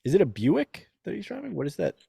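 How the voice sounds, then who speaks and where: A man's voice: high-pitched, huge pitch swings, fast, vocal fry, mellow, husky, no room sound, clean studio sound. A man hosting a podcast, chatting casually and jokily quoting movie lines. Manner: jokey, quotes movie lines. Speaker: podcast host. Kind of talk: casual chat.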